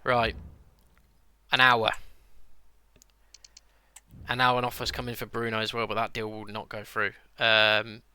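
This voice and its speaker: A man's voice: on the low side, monotone, unhurried, long pauses, sharp tone, clean tone, dry recording. A young man chatting to his viewers as he streams a football management game, thinking aloud, ranting and reacting as he goes. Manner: chatty, talks to viewers, rants and exclaims. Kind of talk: casual gameplay commentary.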